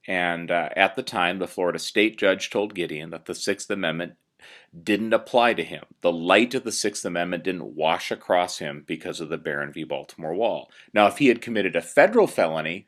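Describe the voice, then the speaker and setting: In a recorded classroom lecture, a man with a low, fairly bright voice explains his lesson step by step, filling it with many "uh"s and "um"s.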